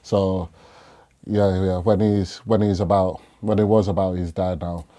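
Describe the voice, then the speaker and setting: A man's voice: sits low, little pitch movement, a little slow, mellow. A man from Jamaica, a musician guest on a podcast, chatting casually with lots of fillers and laughter. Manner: laid-back, laughs often, frequent fillers.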